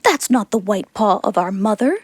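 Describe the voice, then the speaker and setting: A woman voicing a group of playful little goat kids in a children's audio story, chattering high and excited. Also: normal speed, slightly rough.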